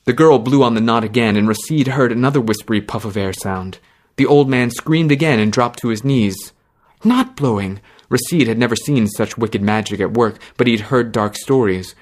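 A man reading a fantasy story aloud with measured, dramatic pacing. His voice sits at an ordinary middle pitch. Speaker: narrator. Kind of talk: scripted fantasy story narration.

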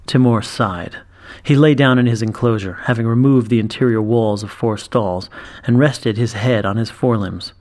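A man narrating a fantasy story in a measured, even reading voice. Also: mid-range voice. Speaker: story reader. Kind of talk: scripted narration.

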